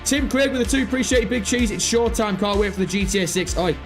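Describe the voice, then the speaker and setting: A man's voice: high-pitched, quick pace, over music. A man hosting a live stream, bantering with chat in hyped, slangy talk and reading out donations. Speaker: livestream host.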